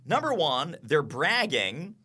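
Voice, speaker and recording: A man talking as a guest on an interview podcast, energetic and quick to act out what clients say. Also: a little high, breathy edge. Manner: energetic, acts out clients' lines in quoted voices. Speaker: sales consultant and author, podcast guest. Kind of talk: animated interview talk.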